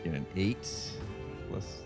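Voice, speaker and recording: A man playing a tabletop game, relaxed and plainspoken as he describes his moves. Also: slow, over music. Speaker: player. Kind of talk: casual tabletop play.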